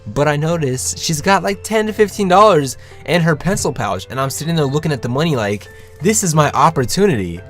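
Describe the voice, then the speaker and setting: A man's voice: fairly high pitch, fairly quick, hardly any pauses, faint music behind. A young man casually telling a story to his viewers, swearing freely and acting out what people said. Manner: animated, swears freely, acts out quotes. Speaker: vlogger.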